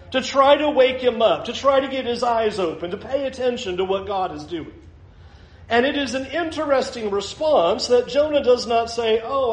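A male pastor with a high voice delivers a sermon at an unhurried pace. His tone is conversational, and he chuckles as he makes his points. The recording is roomy, with an echo like a church sanctuary.

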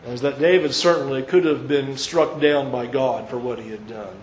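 A man's voice: medium pitch, reverberant. Male pastor, earnest emphatic sermon; dull church recording with faint hiss. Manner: earnest, emphatic, pauses mid-phrase and restarts.

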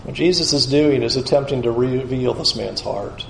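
A male pastor preaching a sermon in a lively, animated way, often slipping into acted quotes. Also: medium pitch, moderate pace, vocal fry, roomy sound, slight background noise.

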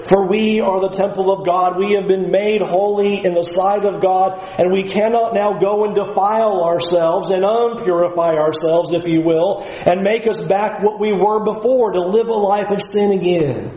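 A man preaching a sermon, earnest and emphatic, at times dropping to a low, quiet voice. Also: steady tone, normal speed, few pauses, roomy sound, low-quality recording.

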